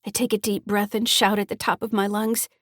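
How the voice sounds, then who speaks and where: A woman's voice: mid-range voice, level tone, brisk, no room sound, close to an everyday voice. A woman narrating an audiobook as a frightened teenage granddaughter, shaky and pleading, in a dry close recording. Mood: tense.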